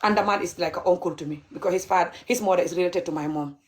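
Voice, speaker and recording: A Gambian woman hosting a live stream, chatting openly with callers and viewers in an outspoken, animated way. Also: on the low side, rapid-fire, slight background noise.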